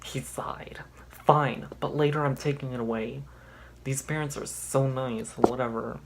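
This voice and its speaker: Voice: mid-range voice, fairly even intonation, unhurried, gravelly, very noisy. A young adult YouTuber reading an embarrassing old story aloud, breaking off with exasperated, sarcastic asides. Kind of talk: mocking read-through with commentary.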